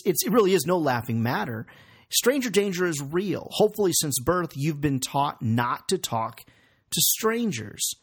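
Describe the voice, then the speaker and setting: A man in his forties, a sales coach giving an energetic, emphatic training talk full of rhetorical questions. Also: on the high side, husky.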